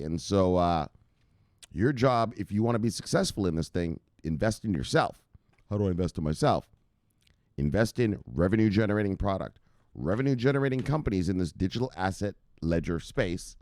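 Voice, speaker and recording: A man's voice: low voice, a little mellow, no echo, clean studio sound. A man hosting a crypto news show, giving hyped and profane casual market commentary straight to his viewers.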